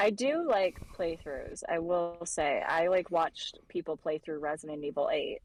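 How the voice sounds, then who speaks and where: A woman's voice: deep voice, lively intonation, darkish tone, poor audio. Chatty woman, casual banter. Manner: chatty, quick-witted, swears casually. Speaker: podcast guest. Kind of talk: casual chat.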